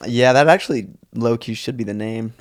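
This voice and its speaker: A woman's voice: rumbling low, fairly quick. A woman hosting a podcast in a casual chat, teasing and joking with her guest. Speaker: podcast host.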